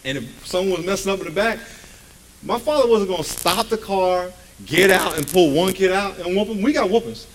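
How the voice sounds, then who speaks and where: A pastor preaching a sermon, swinging between loud bursts and hushed asides. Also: male voice, sits high, fairly quick, slight background noise, low-quality recording.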